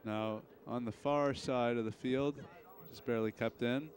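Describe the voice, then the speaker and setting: A young man announcing a high school soccer game, calling the plays live in a steady commentary. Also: measured pace. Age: young adult. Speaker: play-by-play announcer. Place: outdoor soccer field.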